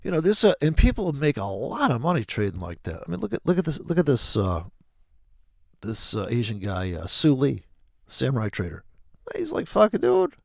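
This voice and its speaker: A middle-aged man rambles through a loose, profane trading monologue. His voice is gravelly and his pitch leaps around as he jokes. The sound is dry and close, with no room echo. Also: very animated, brisk. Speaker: forex trading video host.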